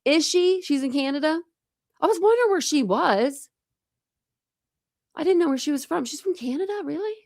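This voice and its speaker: A woman's voice: high voice, expressive, moderate pace, pauses often, a little mellow, no room sound, studio quality. A woman hosting a casual online chat, rambling and laughing as she browses videos and talks to her pets. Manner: rambling, chatty, laughs often, coos at pets. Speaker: true crime channel host.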